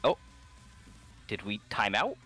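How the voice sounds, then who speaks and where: A man's voice: lowish voice, sing-song, takes it slowly, pushed and bright, soft background music. A man co-hosting a game stream, laughing and bantering casually. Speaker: stream co-host. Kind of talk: casual gaming chat.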